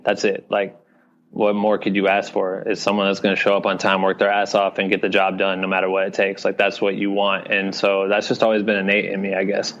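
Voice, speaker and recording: A low-voiced man from Iowa talks casually as a podcast guest, his delivery flat and even. He rambles loosely with lots of fillers. The audio sounds dull and lo-fi. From Iowa, US Midwest. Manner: loose rambling talk full of fillers, "you know what I mean". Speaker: guest, video director and creator.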